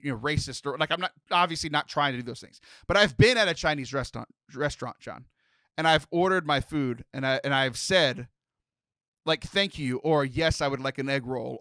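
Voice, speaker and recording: A man from Texas hosting a podcast, telling stories in an animated, rambling way. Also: fairly high pitch, no room sound. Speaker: podcast host. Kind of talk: casual podcast chat.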